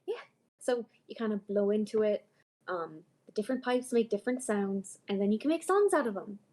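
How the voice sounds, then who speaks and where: A woman's voice: mid-range voice, lively intonation, brisk, a little mellow. Brief: woman tabletop player, chatty, lots of likes and ums. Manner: chatty, filler-heavy. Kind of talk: casual tabletop play.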